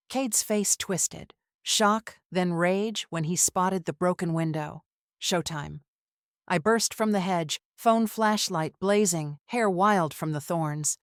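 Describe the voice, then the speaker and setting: A woman narrating a dramatic first-person story in measured, clipped phrases. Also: lowish voice, dry recording, studio quality.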